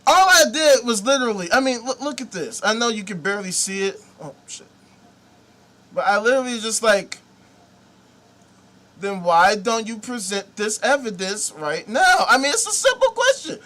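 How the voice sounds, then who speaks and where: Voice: medium pitch, very animated, moderate pace, a bit bright. A host delivering a profane comedic rant, sarcastic and mocking, swearing freely.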